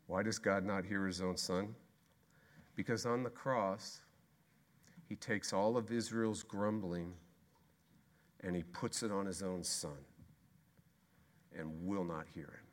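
A man preaching a sermon as pastor, emphatic and repetitive, swinging between loud exclamation and hushed intensity. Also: low-pitched, fairly even intonation, slow, long pauses. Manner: repetitive rhetorical questions.

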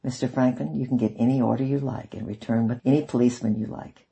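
A man reading aloud, voicing a calm, firm shopkeeper father who speaks steadily. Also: medium pitch, fast, creaky, slightly rough, dull audio. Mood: dismissive.

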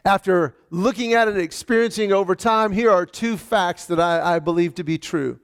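A man delivering a sermon in a raised, gravelly voice, full of vocal fry. He tells his own story earnestly, lightens it with dry humor, and often trips over his first words before pushing on. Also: sits high, normal speed. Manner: frequent stammered restarts. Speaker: pastor.

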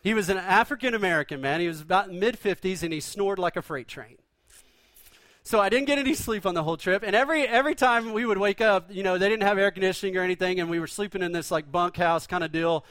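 High-voiced pastor telling a story. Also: male voice, quick pace, fairly bright tone, dry recording. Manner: conversational storytelling with humor. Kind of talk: sermon.

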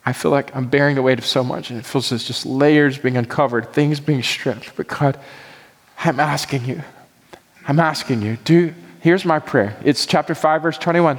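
A pastor delivers a sermon in a church sanctuary, earnest and pleading, his medium-pitched voice rising during heartfelt, prayerful passages. He keeps a moderate pace, and hall reverb surrounds him.

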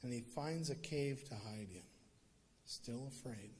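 A man preaching a sermon, telling a story with lively emphasis that rises to emphatic peaks. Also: medium pitch, measured pace, a little hiss or hum. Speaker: pastor.

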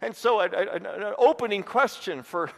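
Male pastor from Indiana, high voice, earnest sermon delivery with repeated words, echoing hall. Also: normal speed, gravelly, fairly bright tone. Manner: earnest, repeats words when building a point.

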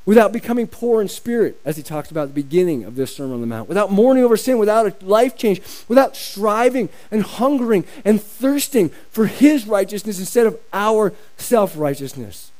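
High-voiced, mellow man preaching. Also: lively intonation, brisk, few pauses, low-quality recording. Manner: emphatic, repeats phrases for stress. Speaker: pastor. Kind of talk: sermon.

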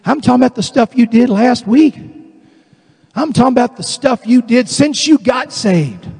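A man with a Southern US accent preaches in a husky, fairly high voice. He acts out the voices of doubters and slows right down for emphatic lines. His voice rings with the long reverb of a large church sanctuary. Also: animated, darkish tone. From American South. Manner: preaching with acted-out voices, dramatic drops and slow emphatic lines. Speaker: pastor. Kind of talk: sermon.

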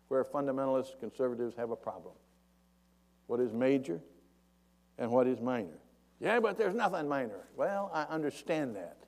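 An older man preaches a folksy, rambling sermon that includes a joke, raising his pitch and volume to act out yelled dialogue.

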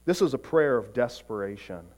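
A man preaching a sermon, earnest, swinging from emphatic peaks to quiet, soft passages. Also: mid-range voice, animated, moderate pace. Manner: acts out short voices in quotes. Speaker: pastor.

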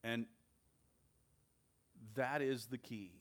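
Man preaching, slow and deliberate, middle pitch, earnest tone. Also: fairly even intonation. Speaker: pastor. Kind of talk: sermon.

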